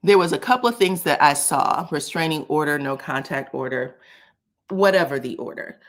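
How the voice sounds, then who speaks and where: A woman hosting a casual commentary show. She talks in a sassy, animated way, often says "child", chuckles, and uses "um". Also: low-pitched, moderate pace. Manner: frequent chuckles and filler "um". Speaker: host of a reality TV commentary channel.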